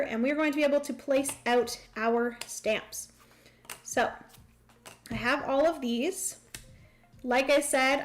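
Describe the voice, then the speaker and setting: Streamer host: chatty woman at home, somewhat high voice, unhurried delivery, easygoing commentary. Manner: chatty, fills with hums and ums. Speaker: board game streamer. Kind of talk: casual livestream commentary.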